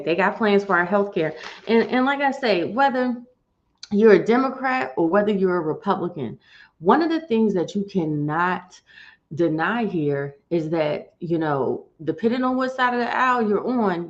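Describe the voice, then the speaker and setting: A woman's voice: medium pitch, lively intonation, moderate pace. A woman hosting a live-streamed morning show, chatty and folksy, talking straight to her viewers. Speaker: host. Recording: dull lo-fi stream audio.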